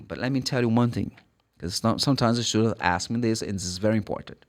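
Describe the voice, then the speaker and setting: A man with a Brazilian Portuguese accent, a native Portuguese speaker, teaching English pronunciation. He draws out each letter sound slowly and acts out the questions students ask him. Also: lowish voice. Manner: drawn-out sound demonstrations, plays student questions. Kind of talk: pronunciation lesson.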